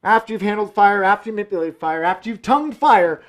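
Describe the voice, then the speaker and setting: High-pitched, expressive, and fast, a man runs a live variety show from a room in his house, acting as both host and fire performer. He jokes his way through the fire tricks, tossing out playful, theatrical asides.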